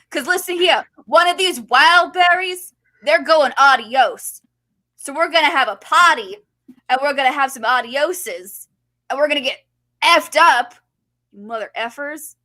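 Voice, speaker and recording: A woman voicing a loud, foul-mouthed New Yorker woman with a put-on New York accent, swaggering through a rowdy rant. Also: sits high, unhurried, voice pushed up, poor audio. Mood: brash, rowdy.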